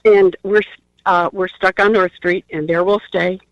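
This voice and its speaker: An older woman calling in by phone, speaking haltingly with many pauses and fillers. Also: medium pitch, fairly even intonation, no room sound. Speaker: caller. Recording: dull phone-line sound.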